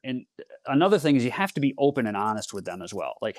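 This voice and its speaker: A man who coaches leaders, guesting on a podcast, telling stories in a lively way and acting out the dialogue. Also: mid-range voice, fast talker, no echo, studio quality. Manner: animated storyteller, acts out dialogue. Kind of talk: podcast interview storytelling.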